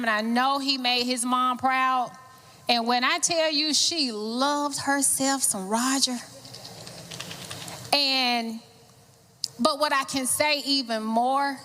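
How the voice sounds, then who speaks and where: A woman school principal giving a measured eulogy in a large church. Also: high voice, pushed and bright. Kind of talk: funeral eulogy. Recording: long church hall reverb.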